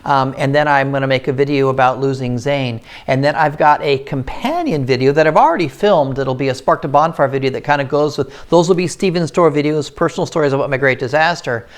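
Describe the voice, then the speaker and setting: A middle-aged man from the United States, talking heartfelt and encouraging in a personal monologue and slowing down to stress his points. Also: medium pitch. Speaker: host of a personal story series. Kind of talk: earnest talking-to-camera monologue.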